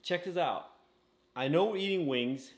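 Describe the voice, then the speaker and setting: Expressive and fairly high-pitched, the host moves at a moderate pace while eating and chatting through his casual food review. His lines often end with "okay?", and the recording carries a roomy echo.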